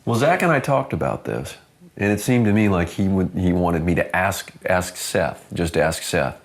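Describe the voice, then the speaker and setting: A man's voice: low voice, expressive, moderate pace. A man interviewing in a mock-serious documentary style, earnest and probing.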